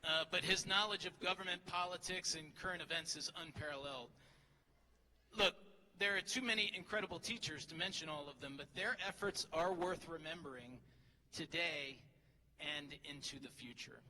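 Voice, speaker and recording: In a large graduation hall, a middle-aged male teacher delivers a comic speech of teasing and self-mockery through a podium microphone. His voice is fairly high, pushed and bright, at normal speed, with hall reverb and a faint crowd around him.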